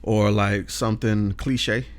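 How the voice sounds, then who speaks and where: A man's voice: on the low side, fairly even intonation, slow pace. A young man hosting a casual chat, talking in laid-back slang, laughing often and reciting lines of poetry. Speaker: podcast host.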